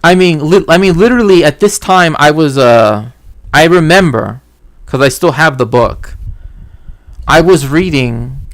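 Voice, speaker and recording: A man's voice: mid-range voice, no echo. Rambling man telling a story, dry sound. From Mexico. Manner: rambling, self-interrupting, animated storytelling. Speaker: stream host. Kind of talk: casual chat.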